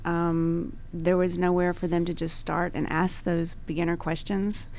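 Low gravelly-voiced woman guest. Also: level tone, a little mellow. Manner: measured, many ums and restarts. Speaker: radio guest, gun range owner. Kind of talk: radio interview answers. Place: radio studio.

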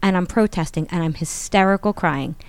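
A woman in her forties telling a personal story in a casual interview, animated and acting out the voices of others. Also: fairly quick, no echo. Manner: animated, acts out quotes with rising pitch. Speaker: guest.

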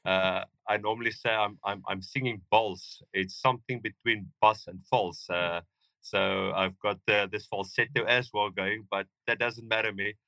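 Guest: man, booming baritone, flat delivery, bright edge, halting speech with fillers. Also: dry recording. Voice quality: deep baritone voice. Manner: halting, with many fillers and restarts. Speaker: podcast guest. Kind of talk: casual interview talk.

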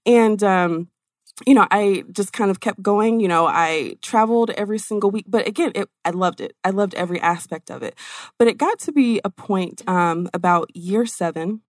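Animated middle-aged woman telling her story. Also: medium pitch, a little fast, dry recording, clean studio sound. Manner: animated, acts out quoted exchanges with frequent "like". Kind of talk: casual conversational storytelling.

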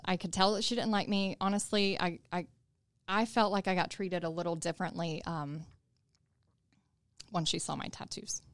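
A woman guest on a business interview show tells a personal story in a chatty, rambling way. Her voice is smooth and resonant. The recording is dry and close. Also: lowish voice, steady tone, normal speed, dry recording. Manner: chatty, many fillers and "like"s.

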